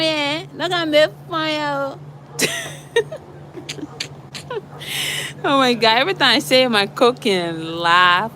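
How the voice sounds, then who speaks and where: A woman's voice: mid-range voice, pushed and bright, slight background noise. A young woman giving a casual, chatty walkthrough of an apartment indoors. She laughs often and tells her stories with animation, filming on a handheld phone. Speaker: vlogger. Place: indoors, walking through an apartment.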